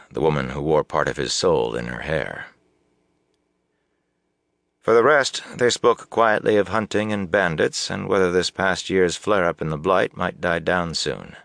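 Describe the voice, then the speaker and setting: A man reading a fantasy novel aloud as audiobook narration, with a measured, even storytelling delivery. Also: deep voice, gravelly, no room sound. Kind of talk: scripted narration.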